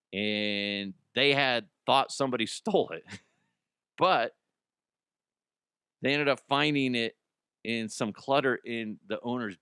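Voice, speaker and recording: A man in his forties from Colorado, a former radio voiceover guy, hosting a casual, profane comedy news rant, chatty and quick to laugh. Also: medium pitch, a bit bright, clear, resonant tone, no room sound, studio quality. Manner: chatty, laughing, swears freely.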